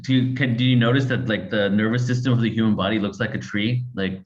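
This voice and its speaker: A man's voice: on the low side, fairly even intonation, fast talker, darkish tone. A man hosting a casual interview, curious and affirming with short replies. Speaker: interview host. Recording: dull lo-fi audio.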